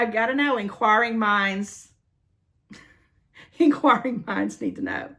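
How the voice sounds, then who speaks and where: A woman's voice: mid-range voice, measured pace, long pauses. A middle-aged woman chatting casually on her vlog, rambling and gushing to a friend and her viewers as she opens gift mail. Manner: squealing with excitement. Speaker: vlogger opening gift mail.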